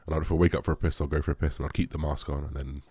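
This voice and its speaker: A young man with an extremely low, deep voice rambles through viewer questions in an easygoing chat, leaning on "like" and dropping swears. The sound is close and dry, with no room around it. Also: little pitch movement, very fast, mellow, breathy edge, no room sound. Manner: rambling, lots of "like", swears casually. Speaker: bodybuilder answering viewer questions. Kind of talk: casual Q&A chat.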